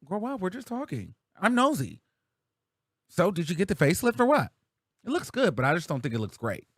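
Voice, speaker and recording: A gossipy woman talk-show host, as a man puts her on, her voice lifted high and sing-song, asking sly, teasing questions. She sounds nosy and playful rather than cruel, recorded close and dry. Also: wildly swooping pitch, fairly quick, fairly bright tone, dry recording, exaggerated voice.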